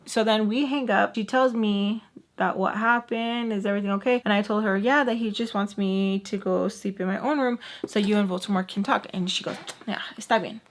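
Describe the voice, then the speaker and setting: A woman telling a storytime vlog in an animated, chatty way, full of fillers. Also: medium pitch, a little fast. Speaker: vlogger. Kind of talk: storytime while doing makeup.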